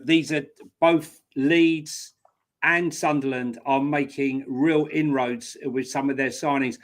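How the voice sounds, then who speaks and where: A man co-hosting a football podcast, making his points emphatically in casual conversation. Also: on the high side. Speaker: podcast co-host.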